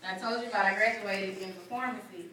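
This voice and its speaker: A woman's voice: mid-range voice, fairly even intonation, fast talker, pushed and bright, slight background noise. A woman giving a testimony from the pulpit, telling her story and acting out both sides of the conversation. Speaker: guest speaker. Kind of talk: testimony to a church congregation. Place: church sanctuary with congregation responding. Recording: roomy, distant church recording with crowd. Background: congregation calling out responses.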